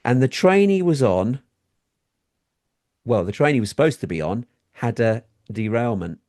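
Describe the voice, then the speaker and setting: A middle-aged man from England, telling a story in casual chat as a talk show co-host and doing high voices for quoted people. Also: expressive, normal speed, a little mellow.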